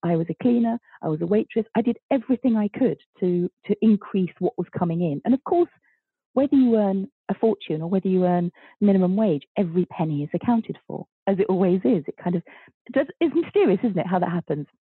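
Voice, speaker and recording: A woman of fifty, a guest author telling her story in an interview, bubbly and animated, acting out the voices of people she quotes. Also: medium pitch, a little fast, breathy edge, no echo. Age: 50s. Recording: thin phone-like line, dry.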